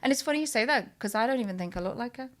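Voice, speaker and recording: A woman's voice: on the high side, racing. A woman in her thirties, a guest in a casual podcast interview, who tells her stories with animation. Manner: animated storyteller, acts out quoted voices loudly. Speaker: guest, lookalike model.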